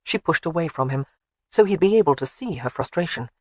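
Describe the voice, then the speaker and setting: Measured audiobook narrator. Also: male voice, on the high side, expressive, dry recording. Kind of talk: scripted narration.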